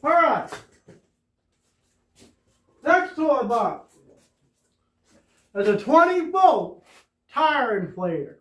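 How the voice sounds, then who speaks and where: A man's voice: very high-pitched, big pitch swings, very slow, pauses often, far from the mic. A man doing a casual, rambling tool demo with lots of fillers and restarts. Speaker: tool reviewer. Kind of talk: casual product demo vlog. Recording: roomy, dull sound from away from the mic.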